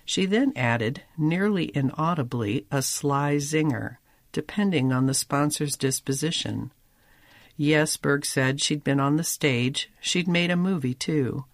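A man's voice: a little high, unhurried, few pauses, dry recording. Dry, close-miked male feature narrator. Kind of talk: scripted narration of a magazine feature.

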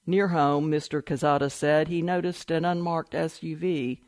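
A man reading a news report aloud in a steady, measured way, announcing each quotation with "quote". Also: on the high side, no room sound. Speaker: article reader.

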